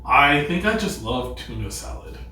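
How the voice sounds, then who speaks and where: A man hosting a casual food review chat in a restaurant, relaxed and hesitant, with plenty of fillers. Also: medium pitch, normal speed, a little hiss or hum. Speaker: host. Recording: echoey room, mic far off.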